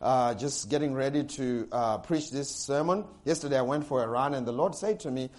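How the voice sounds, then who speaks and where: A man preaching a sermon as pastor, animated, with sudden loud bursts and frequent laughter. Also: mid-range voice, normal speed.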